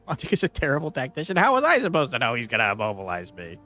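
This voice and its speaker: A man's voice: mid-range voice, wildly swooping pitch, racing, bright, forceful tone. A young man streaming a tactics game, chatting casually and swearing playfully, with bursts of mock outrage. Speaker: gaming streamer. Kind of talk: casual gameplay commentary. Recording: faint background game music.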